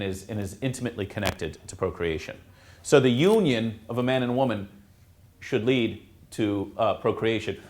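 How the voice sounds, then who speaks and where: A man, a priest, teaching students in a classroom in a casual, halting way, with many fillers and restarts. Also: medium pitch. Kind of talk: informal classroom talk.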